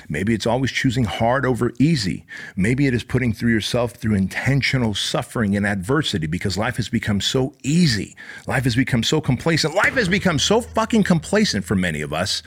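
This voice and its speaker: A man's voice: mid-range voice, vocal fry, a bit bright. A man giving a blunt, profane motivational talk, punching key words hard. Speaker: motivational speaker.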